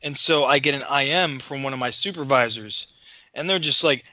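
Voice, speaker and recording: A man's voice: medium pitch, moderate pace, bright, forceful tone, dry recording. A man co-hosting a podcast, telling a story in a casual, profane, worked-up way. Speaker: podcast co-host.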